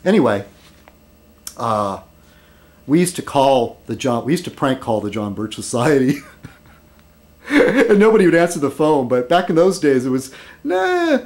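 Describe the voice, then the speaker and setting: A middle-aged man vlogging in casual rambling commentary, chuckling at his own jokes and filling pauses with um and uh. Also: medium pitch, expressive, a little mellow.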